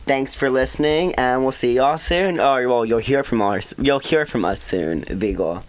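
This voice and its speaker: A man's voice: medium pitch, moderate pace, noisy background. A young American man co-hosting a podcast, chatting casually in a playful, giggly, self-mocking way. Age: young adult. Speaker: podcast co-host. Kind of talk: casual chat.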